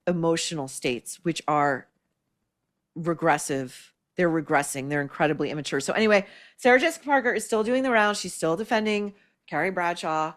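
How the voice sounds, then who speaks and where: Woman commentary host, slightly low, blunt, scathing, sarcastic. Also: fairly bright tone. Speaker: podcast host. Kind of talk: opinion commentary.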